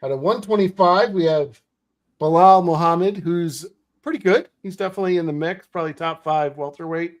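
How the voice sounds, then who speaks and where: A man's voice: fairly high pitch, fairly quick. A man hosting a casual pack-opening stream, chatty and enthusiastic. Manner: enthusiastic, chatty, laughs often. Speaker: host. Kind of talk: casual chat while opening card packs.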